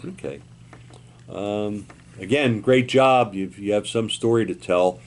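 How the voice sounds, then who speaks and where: A man's voice: on the low side, slow pace, slight background noise. A man interviewing a veteran in a casual way and sharing his own service memories.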